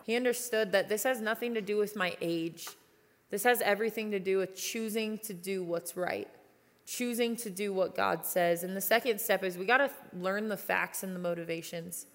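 A woman's voice: mid-range voice, moderate pace. A young woman youth pastor giving an earnest, conversational sermon with personal stories. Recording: long reverb of a large hall.

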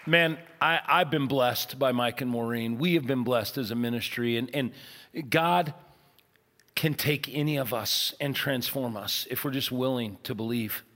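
A male pastor preaches with earnest emphasis, leaning hard on key words and easing into quiet prayer. His voice sits mid-pitched and carries with a long reverb through a large church auditorium. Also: unhurried. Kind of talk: sermon with altar call.

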